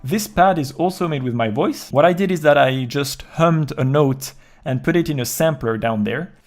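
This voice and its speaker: A man explaining step by step how he produced a track in his home studio, in a calm, even way. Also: on the high side, moderate pace, faint music behind. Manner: calm step-by-step walkthrough, counting beats aloud. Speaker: music producer. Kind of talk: explaining a music production process.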